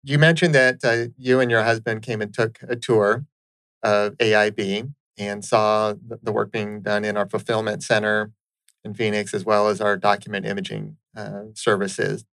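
A man's voice: lowish voice, monotone, moderate pace, vocal fry, a bit bright, no echo, rough recording. A man hosting a conversational interview, earnest and affirming, often checking in with "right?". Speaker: interviewer host.

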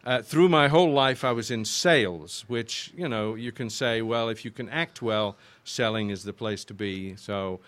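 An older man with an English accent, chatting as an interview guest. His voice sits fairly low and he rambles warmly through long stories, often restarting his sentences. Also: normal speed, few pauses. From Yorkshire, northern England. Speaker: guest voice actor. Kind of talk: casual interview chat.

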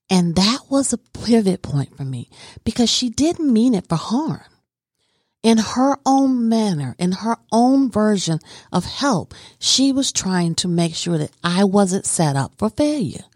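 A woman's voice: fairly low pitch, lively intonation, unhurried, a little mellow, breathy edge, no echo, clean studio sound. A woman telling her life story in an interview, earnest and emphatic. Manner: earnest and emphatic, talks with conviction. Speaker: guest.

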